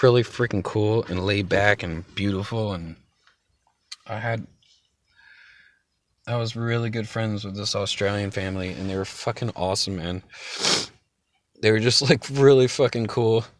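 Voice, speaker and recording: At a moderate pace with long pauses, a young man on the low side hosts a laid-back chat stream. He wanders from topic to topic, profane and quick to laugh.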